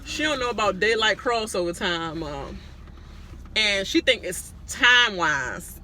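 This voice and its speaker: Brief: outspoken woman recapping TV, cutting bright tone, frank and profane. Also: medium pitch, a little slow. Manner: blunt, profane, animated ranting. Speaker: reality-show recap vlogger. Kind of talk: casual recap commentary.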